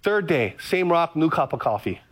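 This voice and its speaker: High-voiced pastor preaching. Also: male voice, big pitch swings, normal speed, some chatter behind. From Hawaii. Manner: storytelling, conversational with repetitions. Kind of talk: sermon on radio.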